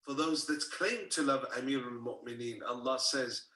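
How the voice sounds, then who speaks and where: A man preaching a sermon from a book-filled room at home, telling a story slowly and with feeling, and asking his listeners rhetorical questions. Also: medium pitch, bright, forceful tone. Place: home room full of books. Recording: roomy, distant home recording.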